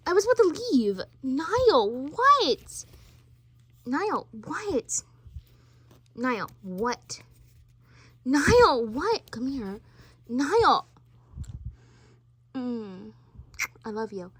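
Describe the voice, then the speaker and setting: Woman voicing every family member in a homemade role-play; slow, bright delivery, dry close sound. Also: sits high, big pitch swings, no echo. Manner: switches between character voices. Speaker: storyteller voicing all characters.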